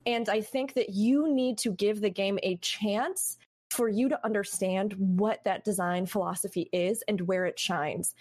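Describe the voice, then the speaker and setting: A woman talks through her advice in an easy, conversational way, dropping "like" and "right" as she goes. Her voice sits at a middle pitch. The sound is dry and close, with no room around it. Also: measured pace, a little mellow, dry recording. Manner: thoughtful, advising, often says "like" and "right". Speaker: podcast guest. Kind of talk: casual podcast chat.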